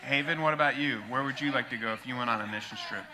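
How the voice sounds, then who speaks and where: A man leading a youth group question session, prompting the room with quick questions. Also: medium pitch, crowd noise. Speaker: youth pastor.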